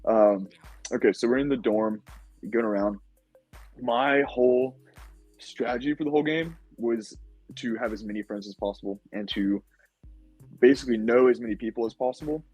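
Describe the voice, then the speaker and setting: Husky young man telling a story. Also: mid-range voice, moderate pace, long pauses, a little mellow, soft background music, poor audio. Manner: rambling storytelling, heavy use of "like". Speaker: guest, former game show contestant. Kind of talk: casual podcast interview.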